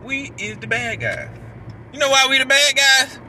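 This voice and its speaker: A man's voice: extremely high pitch, big pitch swings, moderate pace, a little hiss or hum. Man ranting angrily while driving. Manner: profane, shouting, raw. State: angry. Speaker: vlogger. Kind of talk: angry rant while driving. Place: car.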